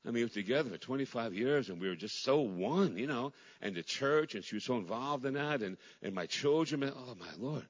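A middle-aged male pastor preaching with fervor, his voice leaping from ringing cries down to hushed, near-whispered lines, phrases repeated for weight. The sound is a little dull and muffled, and his words trail off into a long echo from a big church hall. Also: medium pitch, expressive, fairly quick, hardly any pauses. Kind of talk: sermon. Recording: dull recording in a large reverberant hall.

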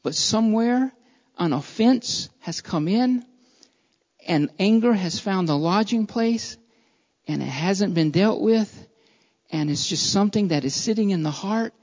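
A preacher in full sermon mode, stacking up repeated phrases that climb toward fervent loudness before settling into a hushed, earnest tone. The voice sits at a middling pitch. It comes through a dull, lo-fi recording. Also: long reverb tail. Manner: builds to loud, impassioned repetition, then drops quiet and earnest.

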